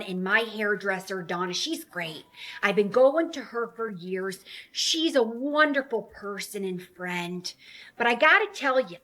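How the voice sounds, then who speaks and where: A woman's voice: on the high side, pushed and bright, heavily acted. A woman playing an older, gossipy small-town woman who rambles through her stories in a comedy monologue. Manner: rambling, chatty storyteller.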